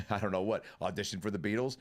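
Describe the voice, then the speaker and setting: A man, a comedian and podcast host, telling a story in an animated, fast-talking casual way. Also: on the low side.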